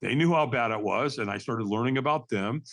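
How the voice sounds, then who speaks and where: Animated older man telling his story. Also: medium pitch, a little fast, vocal fry. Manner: animated, acts out remembered dialogue; raw, candid and earnest. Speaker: podcast guest. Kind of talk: personal storytelling in a conversation.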